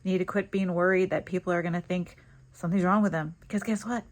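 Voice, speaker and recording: A woman vlogger telling a story in a casual, chatty, animated way, laughing easily. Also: lowish voice, fast.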